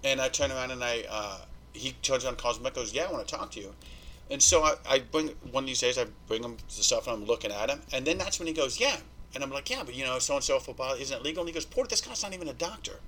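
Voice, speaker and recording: A man telling his story as a podcast guest, animated and swearing, acting out what people said to him. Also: mid-range voice, fast talker, slight background noise. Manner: animated, swearing, acts out quoted dialogue. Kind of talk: storytelling interview.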